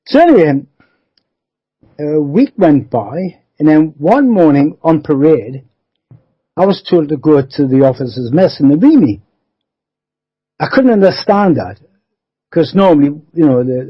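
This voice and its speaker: Man in his 70s, rambling storyteller, fairly high voice, husky tone, dull lo-fi call audio. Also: big pitch swings, a little slow, long pauses. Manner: rambling, repeats 'you see' and restarts. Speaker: interview guest. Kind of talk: telling a life story in a radio interview.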